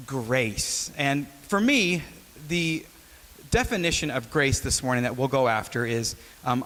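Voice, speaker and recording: A man in his forties from Wisconsin, giving a casual, joking sermon as a guest speaker and telling stories. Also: mid-range voice. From Wisconsin, USA. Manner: joking, conversational, animated storyteller. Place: chapel hall. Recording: long reverb of a large hall.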